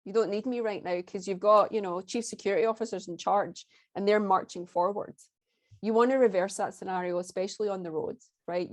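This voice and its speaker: A woman presenting a workshop talk, chatty and often checking in with "right?", who turns soft and soothing when guiding a breathing exercise. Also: lowish voice.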